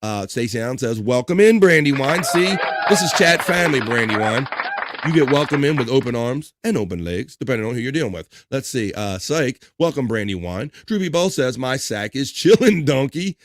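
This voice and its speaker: A man's voice: medium pitch, lively intonation, a little fast, slight background noise. A man hosting a live stream, reading viewer messages aloud in a casual way with crude jokes and chuckles.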